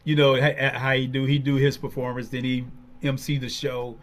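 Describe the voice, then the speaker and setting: A man hosting an interview, telling stories in an animated way and laughing often. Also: medium pitch, a little fast. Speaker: host. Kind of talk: casual interview storytelling.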